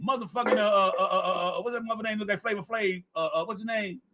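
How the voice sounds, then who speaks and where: High-voiced, fast, profane man. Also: background noise. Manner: profane, storytelling, frequent fillers. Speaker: podcast host. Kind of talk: casual group chat.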